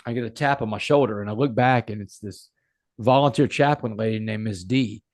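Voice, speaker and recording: A man's voice: fairly low pitch, a little fast, darkish tone, no room sound. A man, a podcast guest, telling a personal story in an earnest, emphatic way. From United States.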